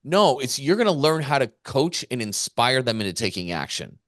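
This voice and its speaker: A business coach co-hosting a podcast talks in a fired-up, emphatic way during casual chat, repeating his points for weight. His medium-pitched voice swings widely in pitch at normal speed with a fairly bright tone, recorded dry with clean studio sound.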